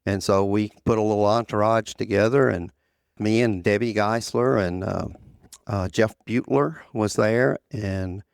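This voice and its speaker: A man's voice: on the low side, fairly even intonation, measured pace, vocal fry, smooth, no room sound, studio quality. An older man, a former association president, telling a long story in an interview, often repeating phrases and quoting others. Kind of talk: storytelling in conversation.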